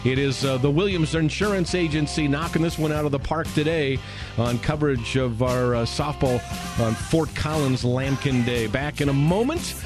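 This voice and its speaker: A man's voice: mid-range voice, moderate pace, over music. A man hosting a live radio sports show from a studio, chatty and folksy with lots of fillers.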